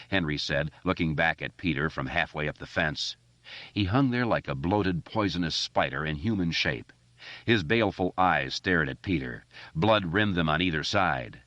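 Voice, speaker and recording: Audiobook narrator, male, very low, animated reading, dry dull recording. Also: moderate pace, dry recording. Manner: expressive, steady reading. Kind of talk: scripted narration.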